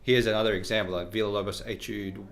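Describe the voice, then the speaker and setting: A man giving a casual guitar lesson, explaining technique in a relaxed way and often checking in with "right?". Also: fairly low pitch, fast. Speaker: guitar teacher. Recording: faint guitar music behind voice. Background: his own guitar playing between phrases.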